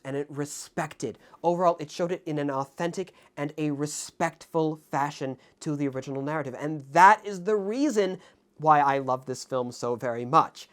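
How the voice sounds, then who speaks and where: Earnest, halting man reviewing a film. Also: a little high, clear, resonant tone. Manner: reflective, halting with many fillers and restarts; earnest, openly moved. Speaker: film review channel host. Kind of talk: casual spoken film commentary to camera. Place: indoors in front of a camera.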